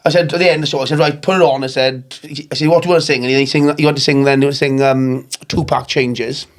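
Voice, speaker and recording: Fast-talking sweary man. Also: mid-range voice, steady tone. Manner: rapid, sweary anecdote-telling with shouted impressions. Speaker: comedy promoter and podcast host. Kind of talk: casual pub chat.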